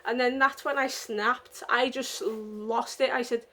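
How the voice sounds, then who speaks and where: A young woman from the UK talks straight to the camera in a casual vlog. Her voice sits high, and she rambles, getting emotional and indignant as she goes. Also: fairly even intonation, measured pace, few pauses, bright, forceful tone. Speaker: vlogger.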